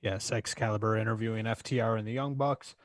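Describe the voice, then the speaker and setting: A man's voice: lowish voice, steady tone, fast talker, dry recording. A man co-hosts a podcast and sums up wrestling shows in short, laid-back remarks. The sound is dry and close to the mic. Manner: laid-back, brief, reads from notes. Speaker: podcast co-host. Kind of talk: casual wrestling recap chat.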